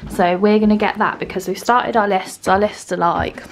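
A woman's voice: medium pitch, fairly even intonation, normal speed, gravelly, a little hiss or hum. A young woman chatting casually for a vlog, talking through plans step by step. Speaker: vlogger.

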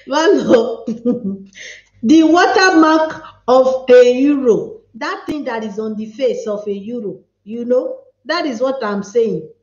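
A woman with a Nigerian accent hosting a casual live stream, playfully chatting and reading out viewers' comments. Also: high-pitched. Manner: playful, chatty, mixes pidgin with English. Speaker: livestream host. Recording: echoey room, slightly dull sound.

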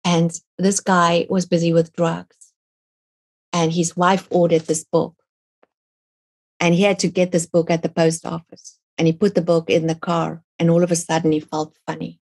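A woman's voice: fairly low pitch, flat delivery, normal speed, a little mellow. A middle-aged woman, an author and guest, telling her faith story in a fervent, earnest way. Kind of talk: personal faith testimony.

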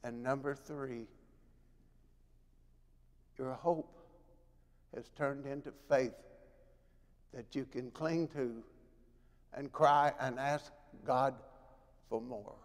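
A man preaching a sermon in a church, dramatic, moving from loud pleading to hushed, quiet lows. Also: steady tone, extremely slow, pauses often. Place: church sanctuary. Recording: long reverb of a church hall.

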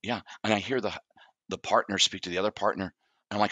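A man's voice: lowish voice, fast, husky, no echo. A middle-aged man, a therapist guest on a podcast, telling stories from his practice and acting out what his clients say. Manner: animated storyteller, acts out client dialogue. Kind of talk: conversational podcast interview.

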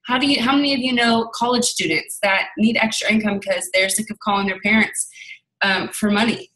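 Chatty bright-voiced young woman. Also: mid-range voice, far from the mic, poor audio. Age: young adult. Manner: chatty, candid, acts out dialogue. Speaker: network marketing team leader. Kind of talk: motivational talk with storytelling.

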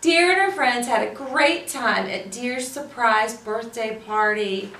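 A bright, high-pitched woman reading picture books to children at a library storytime, sing-song and encouraging. She talks slowly, and her voice sounds roomy and a little far from the mic. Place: library room. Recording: roomy, voice from a distance.

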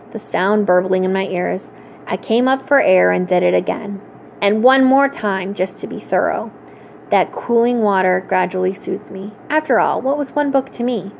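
A woman reading a children's novel aloud for a library storytime, in an expressive, clear storytelling manner. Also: medium pitch, a little hiss or hum.

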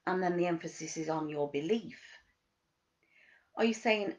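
A woman giving a motivational wellness talk as a coach, asking gentle questions and stressing key words. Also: fairly low pitch, lively intonation, normal speed.

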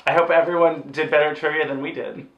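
A woman's voice: sits low, steady tone, fast talker, lo-fi sound. A woman co-hosting a casual chat, chiming in with short encouraging reactions. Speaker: co-host. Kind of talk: casual chat opening fan mail.

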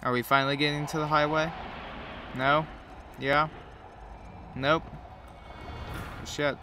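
A man's voice: on the high side, flat delivery, slow pace, background noise. A man with a cold giving profane, joking play-by-play commentary while playing a game. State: has a cold. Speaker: gamer commentator.

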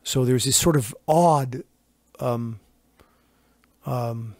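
A man's voice: mid-range voice, extremely slow, dry recording. A man, a record producer, telling long, rambling anecdotes in a casual interview and acting out the quotes in them. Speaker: record producer and engineer guest.

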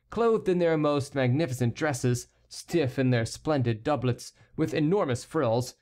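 A man giving measured, steady scripted narration of a classic novel as an audiobook narrator. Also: medium pitch.

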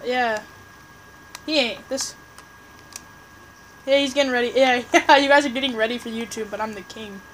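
A woman chatting through a game session as commentator, rambling and excitable, tossing jabs at other players. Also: a little high, moderate pace, pauses often, a little hiss or hum, poor audio. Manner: rambling, excitable, trash-talking teammates; restarts and fillers, chatty. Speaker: gameplay commentator. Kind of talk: casual live game commentary.

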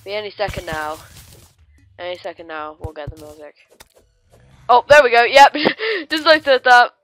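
A woman talking through her gameplay in a chatty, excitable let's play style, her pitch jumping about animatedly. She greets the creatures she runs into in a playful way, over faint game music behind her. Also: normal speed.

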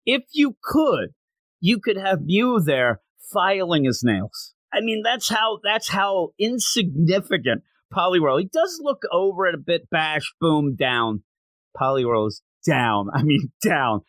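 A man co-hosting a podcast, chatting casually and excitedly as he reviews a manga chapter and acts out lines from it. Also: high voice, a little slow, no echo. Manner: animated, excitable storyteller acting out quotes. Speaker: podcast co-host.

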